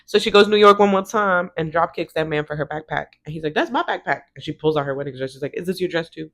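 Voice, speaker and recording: A woman's voice: sits low, fast talker. Woman, 30s, TV-recap vlogger; casual, gossipy, swears, quotes characters. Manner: chatty, swears, acts out characters' lines.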